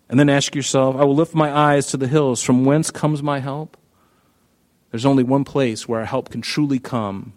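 A man preaching a sermon, emphatic, rising to loud peaks when he quotes scripture. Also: fairly high pitch.

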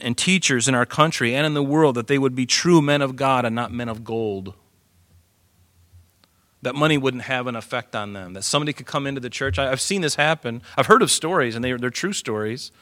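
A man preaching a sermon, lively and animated, swinging from loud emphasis to hushed asides. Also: medium pitch, no echo. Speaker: pastor.

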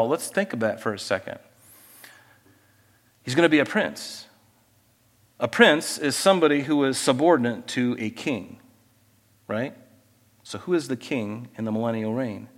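A male pastor preaches an expository sermon in a mid-range voice, and the sound carries a long reverb tail. He reads scripture with loud emphasis, then drops into quiet conversational asides and rhetorical questions.

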